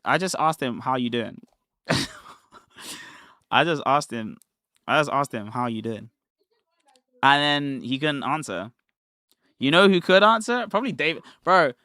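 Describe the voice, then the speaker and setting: A man hosting a casual live stream, talking over a replayed debate with a mocking, slangy edge. His voice is bright and forceful and sits a little high. The sound is close and dry. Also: no echo. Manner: mocking, slangy, laughs often.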